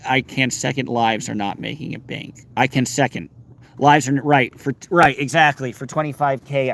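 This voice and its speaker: A man hosts a casual livestream outdoors in a park, his medium-pitched voice fairly bright with vocal fry. Playful throughout, he reads viewer comments and names aloud and sings bits of songs.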